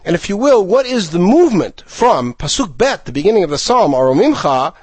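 A man with a fairly high, animated voice teaches a Bible lesson, reciting Hebrew lines and then unpacking them word by word. He slows down to lean on key phrases. The recording is close and dry. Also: slightly rough, dry recording. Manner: reads Hebrew verses then translates and explains them; measured, slowing for emphasis on key phrases. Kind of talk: lecture on a psalm.

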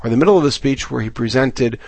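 A man's voice: medium pitch, fast, creaky, darkish tone, no room sound. A man giving a Bible lesson, reading Hebrew verses aloud and then explaining them in English. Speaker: Bible teacher. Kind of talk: recorded Torah lesson.

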